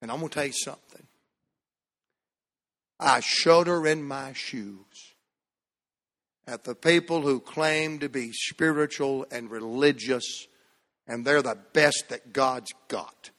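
A man from the American South preaching a sermon to a church, shifting between loud shouts and hushed, drawn-out phrases. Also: medium pitch. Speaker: pastor. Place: church sanctuary. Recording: long hall reverb.

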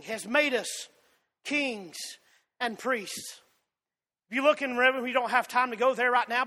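A man with a Southern drawl from Georgia, preaching a fiery sermon that swings between loud shouts and soft asides. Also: very high voice. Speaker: pastor. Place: church sanctuary. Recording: long hall reverb.

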